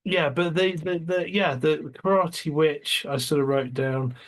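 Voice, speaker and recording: A man co-hosting a casual film podcast, talking hesitantly with many fillers and quick agreements. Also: fairly high pitch. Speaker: podcast co-host.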